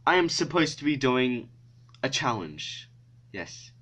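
A man's voice: mid-range voice, big pitch swings, slow, fairly bright tone. A male YouTuber in casual vlog chat, self-mocking and swearing freely.

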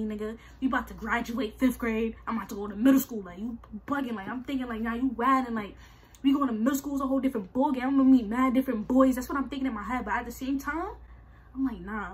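A young woman with a husky voice, telling a storytime vlog in slangy, animated casual talk and repeating herself. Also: fairly high pitch. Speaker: vlogger. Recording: faint music behind.

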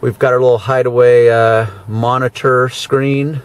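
A man talks a camera through a car's features in a loose, conversational way, full of ums and dry sarcastic asides. His voice sits at an ordinary middle pitch. The sound is dry, with no room echo. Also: flat delivery, measured pace, clean tone. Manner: chatty, dry sarcastic asides, frequent fillers. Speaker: car detailer giving a walkaround tour. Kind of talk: casual handheld car walkaround. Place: in and around a parked car.

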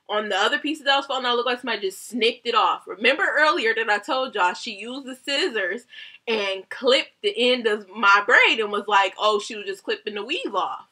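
A young woman, a hairstylist, telling a heated story about a bad salon visit, animated and swearing often. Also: fairly high pitch, fairly quick. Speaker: hairstylist vlogger. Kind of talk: casual storytime rant.

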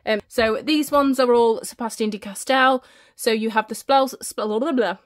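A woman's voice: a little high, moderate pace, noisy background. A woman giving a casual home library tour, out of breath and chatty, often stumbling over her words while holding the camera. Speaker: book vlogger. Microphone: handheld camera.

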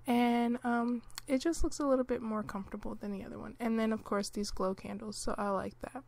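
A woman narrating her life-simulation gameplay in a relaxed, chatty way, with lots of fillers, clearing her throat now and then. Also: fairly high pitch, brisk. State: clearing throat, hiccuping and coughing. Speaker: gameplay commentator.

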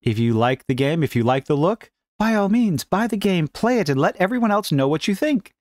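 A man's voice: high-pitched, fairly quick, no room sound, studio quality. A middle-aged man hosting a ranting, sarcastic gaming commentary vlog, mocking as he talks. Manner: sarcastic, mocking, animated delivery.

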